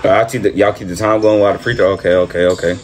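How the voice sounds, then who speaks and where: A man doing excited reaction commentary over a basketball video, repeating himself and talking in slang. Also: low voice, fast talker. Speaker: reaction streamer.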